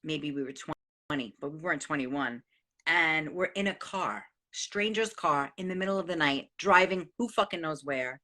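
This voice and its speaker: A middle-aged woman from New gives an excitable, profane motivational monologue as the host. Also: deep voice, normal speed. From New York. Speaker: host sharing life advice.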